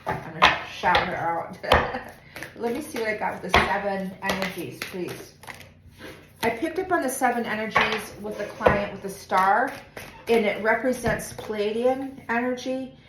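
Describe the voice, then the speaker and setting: A woman's voice: mid-range voice, unhurried, very noisy. Woman giving a rambling tarot reading. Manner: soft-spoken, meandering, many fillers. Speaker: tarot reader. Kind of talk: spiritual tarot reading monologue. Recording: roomy echo with faint ambience.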